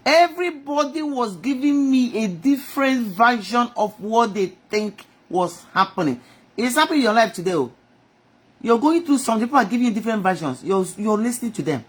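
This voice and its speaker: A woman's voice: on the high side, lively intonation, a little fast, breathy edge. A middle-aged woman, giving an impassioned inspirational talk on a live stream, speaking straight to God and to her audience. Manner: impassioned, swinging between soft and loud; rhetorical, talks to God and the audience.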